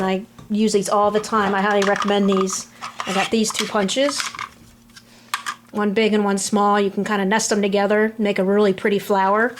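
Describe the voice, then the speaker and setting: A middle-aged woman chatting casually through a scrapbook album, relaxed, trailing off between items, recorded on a camera mic at home. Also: mid-range voice, slight background noise. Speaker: crafter showing a scrapbook album. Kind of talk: casual show-and-tell narration.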